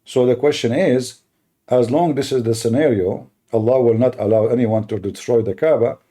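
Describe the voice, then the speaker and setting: A man hosting a heated live-stream debate, mocking and combative, speaking as a with halting restarts. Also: mid-range voice, warm tone. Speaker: livestream debate host.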